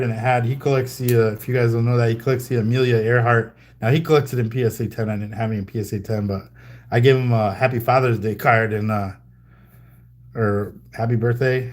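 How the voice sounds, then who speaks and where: A man's voice: mid-range voice, darkish tone. A man hosts a casual trading card livestream. He talks in a mid-range voice and rambles through his stories with plenty of fillers and small chuckles.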